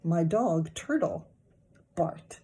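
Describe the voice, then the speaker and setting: A woman teacher reading a children's novel aloud with lively, expressive storytelling. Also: on the low side, very slow, breathy edge.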